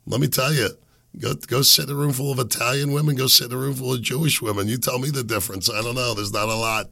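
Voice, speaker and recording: A man's voice: mid-range voice, fairly even intonation, fast talker, creaky, bright, forceful tone. A man hosting a political commentary show, talking in a rambling, sardonic way while sick. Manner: sardonic, rambling, chuckling asides. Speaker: podcast host.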